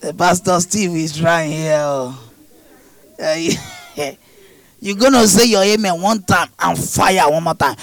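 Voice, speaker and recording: A man preaching and praying over a congregation, shouting repeated prayer lines with passion. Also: sits high, sing-song, unhurried, no echo, some chatter behind, low-quality recording. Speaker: pastor.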